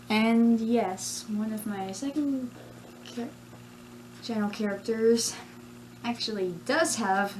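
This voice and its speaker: A woman's voice: on the high side, slow, pauses often, a little mellow, a little hiss or hum, poor audio. A woman chatting casually in a vlog about her plush characters, giggly and rambling. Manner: giggly, rambling, self-pleased. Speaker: plush video creator.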